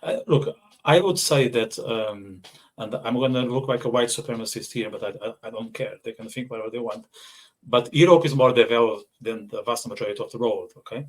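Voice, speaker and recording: A man's voice: mid-range voice, a little fast. A man hosts a casual podcast chat in an ordinary mid-range voice. He jokes and speaks bluntly, often circling around his questions before finishing them. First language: Portuguese. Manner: joking, blunt, rambling. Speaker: podcast host.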